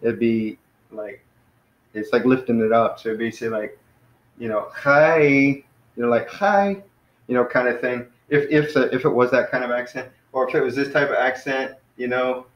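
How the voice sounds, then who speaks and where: Guy teaching a casual online class, mid-pitched voice, lots of um and uh, echoey room sound. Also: flat delivery, normal speed, muffled recording. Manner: rambling, lots of fillers and self-corrections. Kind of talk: informal online language class.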